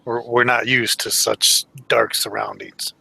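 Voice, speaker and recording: A man playing a tabletop game, speaking in a slow, measured way. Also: mid-range voice, level tone, creaky, sharp tone, breathy edge, poor audio. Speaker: player.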